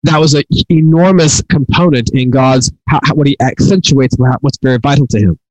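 A man's voice: mid-range voice, brisk, a little mellow, no echo, low-quality recording. A middle-aged man teaching from the Torah in an earnest way, often repeating and restarting his words. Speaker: Bible teacher.

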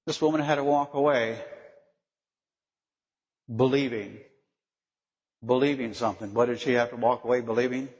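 A man preaching a sermon, slow and emphatic, often putting questions to his listeners. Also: medium pitch, steady tone. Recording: dull lo-fi recording in a reverberant hall.

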